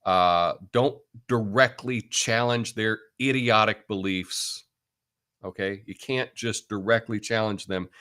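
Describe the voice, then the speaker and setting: A man's voice: on the low side, slow pace, pushed and bright, clean tone. Male host, casual live monologue, blunt and chatty, self-amused. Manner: chatty and blunt, tags lines with "right?"; laughs at his own asides.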